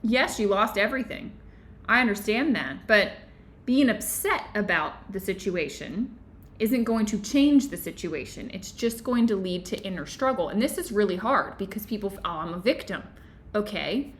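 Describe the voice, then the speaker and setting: A woman hosting a book club discussion, talking casually and telling stories in an animated, chatty way with lots of "like"s. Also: mid-range voice, moderate pace. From Florida, USA. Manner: chatty, animated storytelling with many "like"s.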